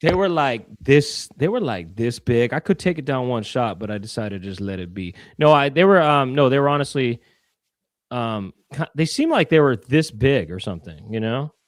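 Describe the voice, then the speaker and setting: A man's voice: mid-range voice, lively intonation, moderate pace, no echo, studio quality. A man co-hosting a casual comedy chat show, playful and prone to silly improvised singing. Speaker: podcast co-host.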